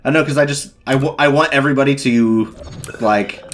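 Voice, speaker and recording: A man's voice: medium pitch, fairly quick. Rambling, profane young man in casual chat. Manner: profane, rambling storyteller, mock-ranting in bursts. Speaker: podcast co-host.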